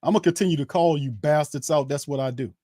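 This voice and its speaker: A fired-up man calls a game as a fan host, ranting hotly with repeated words and stumbles. His voice sits a touch high for a man and comes through dry and close to the mic. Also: fast, dark tone, dry recording. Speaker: host of a fan watch party. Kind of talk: live fan play-by-play commentary.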